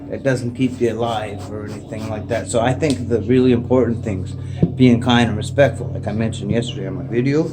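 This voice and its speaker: A man's voice: medium pitch, a little mellow. Rambling laid-back Canadian man. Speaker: vlogger. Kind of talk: casual unscripted chat to camera. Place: indoors at home. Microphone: phone propped up facing him.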